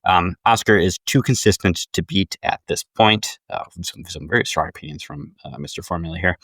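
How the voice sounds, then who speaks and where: A podcast co-host with a low-sitting, fairly bright voice chats casually at normal speed, hardly pausing, and his talk is full of fillers and restarts. The sound is clean studio audio with no echo.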